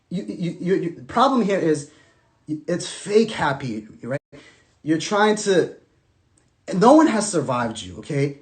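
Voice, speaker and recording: A man speaks to camera in a casual storytelling vlog, his voice pitched a little high and bouncing widely in tone. He talks in loose slang, full of restarts, and swings from loud outbursts to near-murmurs. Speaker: vlogger telling his own story.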